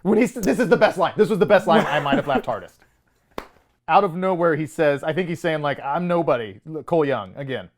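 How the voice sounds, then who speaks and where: A man with a fairly high voice co-hosts a casual movie review show. His pitch jumps around a lot, and he laughs often as he pokes fun at the film. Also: fast talker. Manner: animated, mocking, laughs often. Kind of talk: casual podcast debate.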